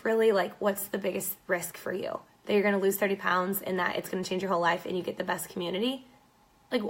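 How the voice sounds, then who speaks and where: A woman's voice: mid-range voice, a bit bright. A young woman coaching direct sellers in a fired-up, blunt and sarcastic motivational talk.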